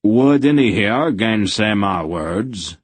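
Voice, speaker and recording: A man's voice: lowish voice, animated, husky, no echo, pitched above the performer's own voice, full character voice. Man reading a smug, courtly knight. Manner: formal, unhurried, mock-courteous. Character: haughty, courtly male knight, archaic speech.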